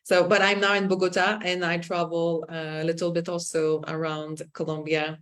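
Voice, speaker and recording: A woman's voice: lowish voice, little pitch movement, normal speed. A woman from Quebec with a Québécois French accent, hosting a webinar in a friendly way with some hesitation. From Quebec, Canada. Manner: friendly, a little hesitant, many fillers. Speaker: webinar host. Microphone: video call.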